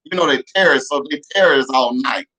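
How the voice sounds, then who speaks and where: A man's voice: mid-range voice, moderate pace, pushed and bright. A man telling comic childhood stories in a rambling, profane way with many restarts. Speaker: comedian. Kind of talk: comedic storytelling.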